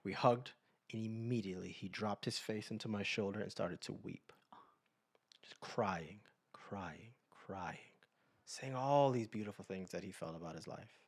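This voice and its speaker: A man's voice: fairly low pitch, a little slow, creaky. A man co-hosting a podcast, telling personal stories in a casual chat and acting out the people he quotes. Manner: animated storyteller acting out quoted voices. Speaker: podcast co-host.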